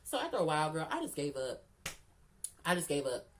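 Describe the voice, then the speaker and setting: A woman with a fairly low voice tells a story in a loose storytime vlog. She is blunt and profane, leans on the listener with "girl", and repeats lines for emphasis. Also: very animated, fairly quick, a little hiss or hum. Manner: candid, profane, keeps calling the listener "girl". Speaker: storyteller vlogger. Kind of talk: casual storytime chat.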